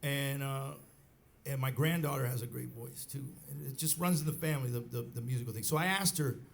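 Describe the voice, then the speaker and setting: A middle-aged bandleader telling a rambling story on stage at a live club, with many restarts and acted quotes. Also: male voice, mid-range voice, a little fast, gravelly. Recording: live club recording with faint crowd noise.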